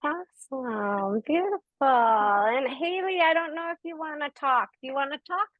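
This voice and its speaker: A woman's voice: high voice, normal speed, dry recording, phone-quality sound. Encouraging woman hosting a video call. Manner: encouraging, affirming, animated. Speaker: host of a spiritual group session. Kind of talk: supportive group discussion.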